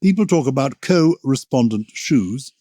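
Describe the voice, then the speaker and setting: Lively man, podcast co-host. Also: mid-range voice, a little slow, dry recording. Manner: genial, reads listener letters aloud with lively intonation. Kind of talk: chatty podcast banter.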